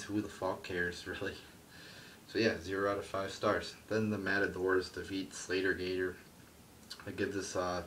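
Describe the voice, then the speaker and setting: A man's voice: low-pitched, sharp tone, far from the mic, slight background noise. A man reviewing a wrestling show in a blunt, profane and dismissive rant, often trailing off and restarting.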